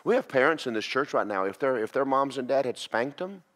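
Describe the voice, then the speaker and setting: A man teaching a church class, preaching in a folksy, animated storytelling way. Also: mid-range voice, a little fast. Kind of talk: sermon.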